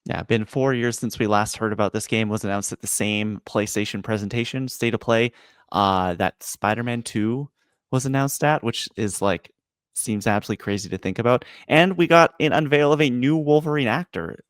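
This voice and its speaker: A man's voice: medium pitch, normal speed, clean tone, no room sound, clean studio sound. A man hosting a gaming podcast, steering the chat and putting questions to his co-hosts. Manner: leads the talk, asks co-hosts questions. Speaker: podcast host. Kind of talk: casual chat.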